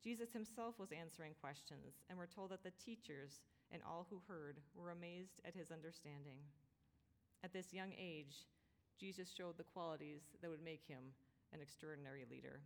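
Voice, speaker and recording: Woman pastor, low voice, gentle reflective sermon delivery, church hall with long reverb. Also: normal speed.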